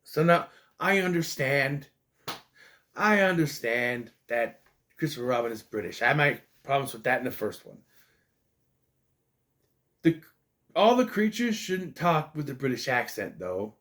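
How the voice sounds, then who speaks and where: A man's voice: mid-range voice, fairly bright tone. A man giving a casual spoken movie review, ranting in an exasperated way, swearing and rambling with restarts and stammers.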